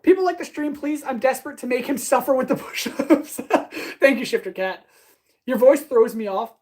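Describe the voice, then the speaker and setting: A woman blacksmith chatting fast and eagerly with her live-stream audience while she works in her workshop. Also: high voice, a little mellow, low-quality recording. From Canada. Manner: chatty, talks fast, answers chat eagerly. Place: workshop with power tools.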